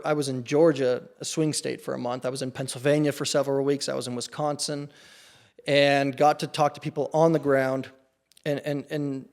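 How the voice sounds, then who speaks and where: Flat-voiced man telling a story. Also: medium pitch. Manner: earnest, with frequent restarts and fillers. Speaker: campaign staffer, podcast guest. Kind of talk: casual interview storytelling.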